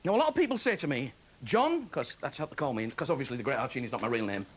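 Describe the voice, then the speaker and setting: A man's voice: medium pitch, very animated, racing, breathy edge. A man doing a comic magic act on stage, chatty and self-mocking, chuckling at his own jokes, on a hissy 1990s TV broadcast. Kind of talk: stand-up comedy act.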